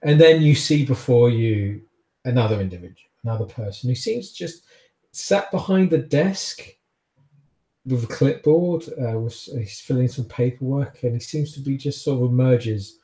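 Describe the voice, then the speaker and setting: A man runs a tabletop game as its game master, narrating in loose, rambling stretches and restarting his phrases. His pitch is ordinary, and the room around him gives a clear echo. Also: dark tone. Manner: rambling, halting, full of restarts.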